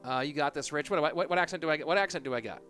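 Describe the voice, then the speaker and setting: A man's voice: a little high, very fast, fairly bright tone. A man casting a live esports match, chatting casually and answering viewers between plays. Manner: chatty, reads and answers chat while casting. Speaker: esports caster. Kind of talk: live game commentary. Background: music.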